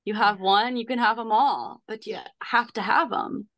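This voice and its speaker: A woman's voice: fairly high pitch, fairly even intonation, normal speed, a bit bright, dry recording. A woman in casual podcast chat, telling a personal story in an earnest, emphatic way.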